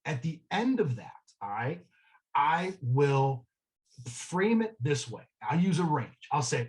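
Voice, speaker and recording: A man's voice: fairly high pitch, big pitch swings, takes it slowly, low-quality recording. Chatty man with frequent "okay?" asides. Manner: conversational storytelling, frequent "okay?" check-ins. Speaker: real estate trainer. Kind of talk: sales training talk.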